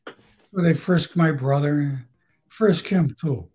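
This older man speaks with a husky, slightly high voice. He tells his story bluntly, swears freely, and acts out what the other people said. Faint music plays behind him. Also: takes it slowly, darkish tone. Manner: blunt, profane, acts out quoted dialogue. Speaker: guest storyteller. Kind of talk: casual storytelling on a live stream.

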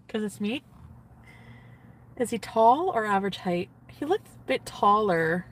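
A woman's voice: medium pitch, expressive, measured pace, long pauses, far from the mic, heavy background noise. A woman talks casually on a phone livestream from inside a parked car. She is giddy and gushing, and she keeps answering her chat between sighs and laughs.

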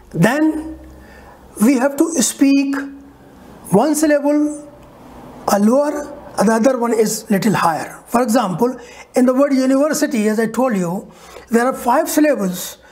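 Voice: mid-range voice, a little mellow. An English teacher giving a recorded lesson, saying each example word twice and checking in with the listener.

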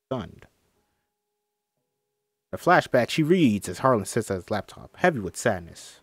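A man reading a screenplay's stage directions aloud, lively and with joking asides. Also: fairly low pitch, unhurried, long pauses, husky, no echo, clean studio sound. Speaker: screenplay reader.

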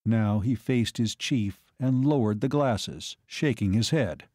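A man narrating an audiobook in a measured, steady reading voice. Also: on the low side, dry recording, studio quality. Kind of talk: scripted narration.

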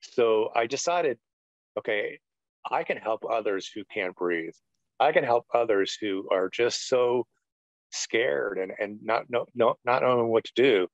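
On a podcast, a middle-aged former pastor shares his personal testimony at an unhurried pace, earnest but meandering, with plenty of "you know" between thoughts. His voice sits in an ordinary male middle range. The lo-fi recording sounds dry and dull, with no echo.

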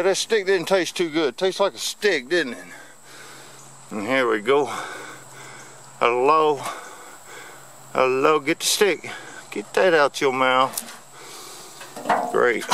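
A man's voice: medium pitch, slow, long pauses, bright, forceful tone, slight background noise. A man, vlogging outdoors in a yard. He gives playful, teasing commentary in a sing-song, taunting way. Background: insects and crickets.

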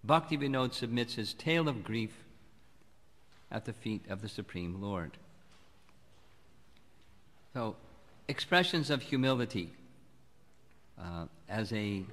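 A man giving a sermon as a spiritual teacher, speaking in a calm, measured, reflective way. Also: fairly low pitch. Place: temple hall. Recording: long hall reverb.

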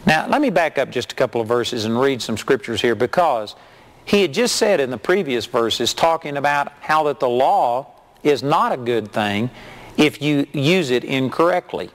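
A middle-aged man preaching a sermon as a television minister, reading scripture and telling stories with animated mimicry. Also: normal speed. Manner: animated storytelling, mimics hyped preachers in a high voice.

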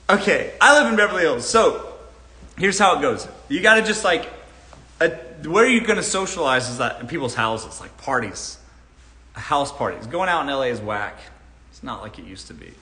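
A man's voice: on the high side, sharp tone. A man from Los Angeles hosting a live Q&A on dating, giving advice bluntly and with plenty of profanity. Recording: roomy echo.

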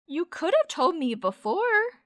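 A woman's voice: very high voice, big pitch swings, a little slow, no room sound, studio quality, voice pushed up, exaggerated voice. A woman voicing a silly, good-natured big male bear in a bumbling, cheerful way.

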